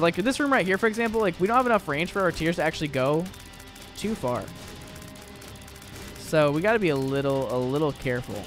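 A man's voice: fairly high pitch, fairly bright tone. A young man rambling through casual gameplay commentary, full of fillers and restarts. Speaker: gaming YouTuber.

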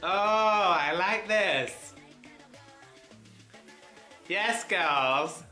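A man excitedly reacting to a dance video, gushing with frequent oohs and exclamations. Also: high-pitched, drawn-out words, long pauses. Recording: echoey room with music underneath. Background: music playing.

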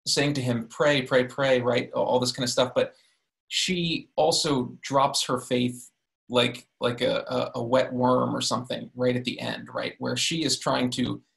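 A man's voice: medium pitch, little pitch movement, unhurried, creaky, fairly bright tone. A man leading a literature discussion, often checking in with "right?" and restarting his sentences. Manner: frequent "right?" tag questions and restarts. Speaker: discussion leader.

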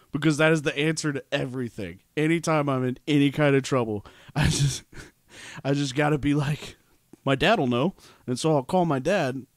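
A man's voice: medium pitch, dry recording, studio quality. Laughing young man telling a wild story. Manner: animated storyteller, acts out quotes, laughs often. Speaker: podcast co-host. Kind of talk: casual storytelling chat.

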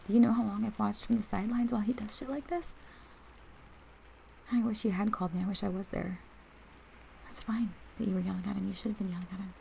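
A woman's voice: mid-range voice, vocal fry, a little mellow, a little hiss or hum, lightly acted, low-quality recording. A young woman voicing a protective best friend in a whispered role-play, swinging between heated and tender as she speaks straight to the listener. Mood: angry, protective. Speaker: ASMR role-play performer.

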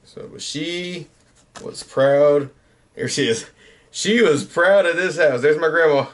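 A YouTuber in his thirties chats casually late at night, his voice a little high and his pace slow. He rambles, mocks himself, and often lets his thoughts trail off.

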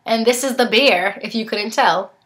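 A young woman with a voice on the high side and a fairly bright tone reviews snacks at a moderate pace in a casual unboxing vlog. She's chatty, tasting as she talks and sometimes speaking with her mouth full.

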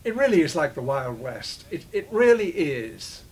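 A man's voice: a little high, very animated, slightly rough. An older man, an actor, recalling old shoots in a digressive interview, often breaking off and restarting his sentences. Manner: digressive storyteller, halting restarts. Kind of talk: reminiscing interview.

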